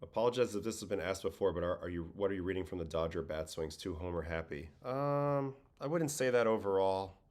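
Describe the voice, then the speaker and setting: A man's voice: sits low, a little fast, few pauses. A tired man from Brooklyn with a faint New York-Boston accent, hosting a casual livestream chat and answering viewer questions aloud. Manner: relaxed, conversational, reads chat questions aloud. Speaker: livestream host, former pitcher.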